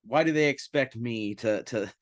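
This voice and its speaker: A man's voice: medium pitch, moderate pace, close to an everyday voice. A man voicing a brash, boastful teenage male Asgardian adventurer in a tabletop game, speaking in grandiose, old-fashioned rhetoric. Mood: defiant boastful.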